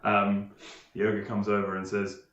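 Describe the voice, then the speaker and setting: A man narrating as game master, unhurried, with many fillers and pauses. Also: on the low side, monotone, a bit bright, roomy sound, muffled recording.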